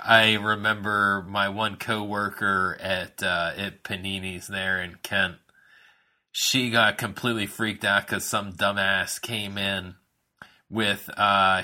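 A man's voice: on the low side, pushed and bright. A man co-hosting a casual wrestling chat, rambling with many fillers and restarts and often laughing. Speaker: podcast co-host.

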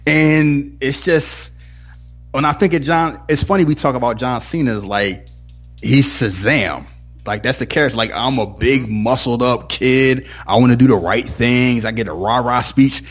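A man's voice: mid-range voice, normal speed, soft background music. A man co-hosting a casual talk podcast, telling stories in a laid-back way and slipping into impressions of others. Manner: laid-back storytelling, drifts into mimicking others. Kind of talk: casual chat.

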